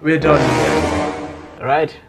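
A man's voice: on the high side, fairly even intonation, slow, loud music behind the voice. A man acting as an interviewer in a comedy skit, exasperated but firm and polite.

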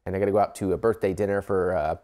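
A man's voice: sits low, fairly even intonation, racing, mellow. A man hosting a let's play, chatting casually and rambling while keeping his voice down late at night, with frequent laughs. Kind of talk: casual gameplay commentary. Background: video game music.

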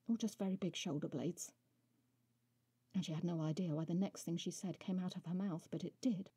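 A woman author reading her own short story aloud in a soft, measured way. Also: fairly low pitch, husky, dry recording. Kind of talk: storybook narration.

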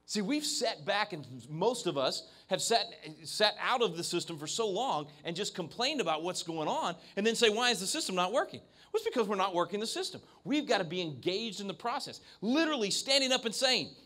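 With hardly any pauses, a man delivers a keynote in a brisk, high-pitched voice full of big pitch swings, bright and forceful. He speaks into a handheld microphone before an evening audience at an event venue, emphatic and often restarting.

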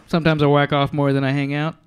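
A comedian chatting with the host in a laid-back, self-deprecating way, laughing often. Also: male voice, a little high, flat delivery, fast talker, smooth. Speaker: comedian guest. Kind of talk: casual chat. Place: small live comedy venue.

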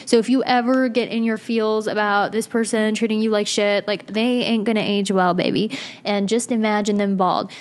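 A young woman doing a casual tarot reading to camera, chatty, blunt and slangy, swearing now and then. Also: medium pitch. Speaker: tarot reader.

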